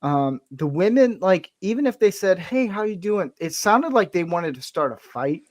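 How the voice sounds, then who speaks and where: A man's voice: high voice, very animated, normal speed, no room sound. A man chatting casually as a podcast host, rambling and laughing often, with a light Southern accent that drawls his R's. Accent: light Southern American. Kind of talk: casual chat.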